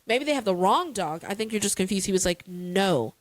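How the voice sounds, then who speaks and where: A woman's voice: medium pitch, animated, fast talker, no room sound, poor audio. A woman co-hosting a casual chat, telling a story dramatically with playful exasperation. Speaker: podcast co-host.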